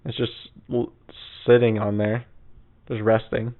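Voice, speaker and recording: A man's voice: on the low side, flat delivery, a little slow. A young man hosting a casual solo podcast from his bedroom on an old mic, rambling, crude and laid-back. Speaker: podcast host. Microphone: old mic on a stand. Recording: tinny phone-like sound.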